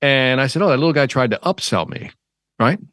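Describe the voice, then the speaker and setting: Animated storytelling man, dry close sound. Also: medium pitch, a little fast, no echo. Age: middle-aged. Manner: animated, acts out the dialogue in his anecdotes. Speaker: sales trainer and motivational speaker. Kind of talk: storytelling in an interview.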